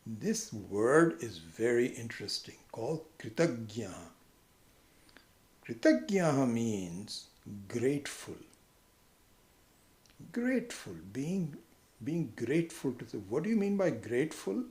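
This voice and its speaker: A man's voice: very animated, takes it slowly, a little mellow. Man teaching scripture in an echoey room. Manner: conversational, acts out quoted people with sudden high pitch. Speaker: spiritual teacher. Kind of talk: lecture on scripture.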